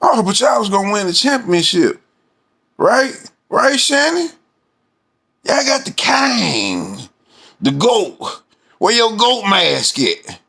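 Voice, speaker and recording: A man mocking a male TV sports pundit, with shrill, drawn-out, exaggerated wailing. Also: big pitch swings, creaky, bright, forceful tone, husky, heavily acted. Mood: taunting. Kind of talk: mocking impression in a fan rant.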